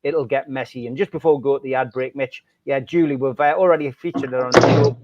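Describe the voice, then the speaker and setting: Bloke hosting a footy podcast, cheeky jokey chat, muffled lo-fi mic. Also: male voice, mid-range voice, steady tone, fast, darkish tone, no room sound. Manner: cheeky, chatty, laughs at own jokes. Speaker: podcast host. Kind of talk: casual chat reading out jokes.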